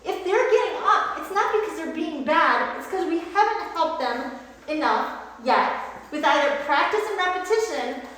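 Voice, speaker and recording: A woman's voice: very high-pitched, expressive, normal speed, a bit bright. A woman dog trainer giving an upbeat training lesson and praising a puppy as she explains. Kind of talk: instructional dog training demo. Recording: echoey hall with faint noise.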